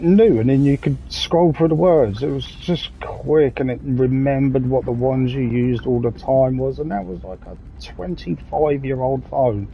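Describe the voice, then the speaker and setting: A man's voice: medium pitch, gravelly, highs cut off, slight background noise. A man in his thirties with an English accent, chatting in a rambling, jokey way while streaming a game and swearing casually. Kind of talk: casual gaming commentary.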